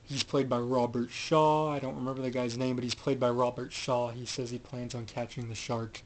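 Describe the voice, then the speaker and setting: A man's voice: mid-range voice, flat delivery, moderate pace, rough recording. Rambling man recapping a film. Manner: rambling, many fillers and restarts. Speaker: film reviewer.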